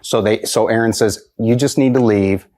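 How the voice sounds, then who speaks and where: A man's voice: fairly low pitch, fairly even intonation, normal speed, a little mellow. A man testifying as a defendant in a TV courtroom, cutting in with exasperated remarks. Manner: exasperated, interjecting.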